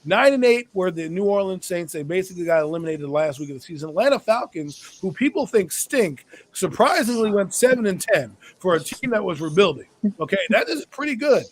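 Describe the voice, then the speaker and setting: Male podcast host, high-pitched, blunt and opinionated, casual sports chat. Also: expressive, fairly quick.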